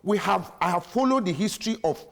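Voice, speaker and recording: A man from Nigeria argues on a studio panel with a slightly raised pitch. He stumbles, repeats himself and keeps pressing to finish his point. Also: lively intonation, brisk, gravelly, fairly bright tone. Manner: insistent, interrupts and repeats himself. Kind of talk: heated studio debate.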